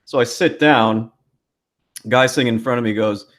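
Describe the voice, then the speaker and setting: A man's voice: medium pitch, moderate pace, a bit bright. Laid-back man who laughs a lot. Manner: laid-back, laughs often, many fillers. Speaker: podcast co-host. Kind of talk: casual chat.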